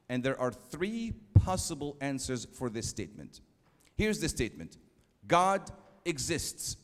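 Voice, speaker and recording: A man giving a church youth lecture, emphatic, slowing down for quotes and asking the audience questions. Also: mid-range voice, darkish tone. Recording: long hall reverb.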